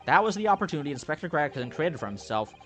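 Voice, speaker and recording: A man's voice: a little high, sing-song, fast, faint music behind. A man voicing an earnest young male defense attorney in a game let's play.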